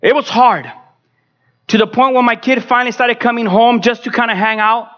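A male pastor giving a personal testimony, dramatic, swinging between loud outbursts and hushed tones. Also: very high-pitched, normal speed, dull audio.

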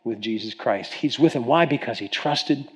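A man's voice: medium pitch, moderate pace, husky. A middle-aged man from Ohio preaching a sermon, telling stories earnestly with frequent restarts and stammers. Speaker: pastor.

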